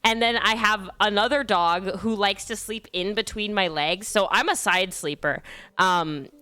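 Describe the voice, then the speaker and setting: A young woman chats through a long casual story, wandering and poking fun at herself with loose fillers and offhand swearing. Her voice is bright and crisp, and it stays smooth and clear. It comes across as a relaxed, personal storytime. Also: mid-range voice, measured pace, no echo, clean studio sound. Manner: rambling, self-deprecating, swears casually. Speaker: streamer.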